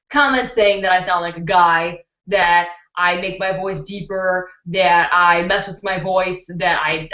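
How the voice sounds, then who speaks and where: Her voice is on the low side but fairly bright as this young beauty channel host chats candidly with viewers on a live stream, laughing easily while answering their questions. She's indoors at home, and the built-in laptop mic gives a dull, roomy sound.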